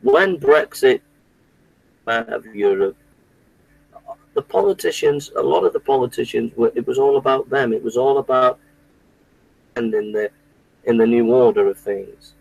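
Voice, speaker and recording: A man's voice: medium pitch, moderate pace, creaky, pauses often, no room sound, poor audio. A man delivering an indignant, repetitive political rant, often restarting his sentences. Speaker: political commentator. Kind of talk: impassioned monologue to camera.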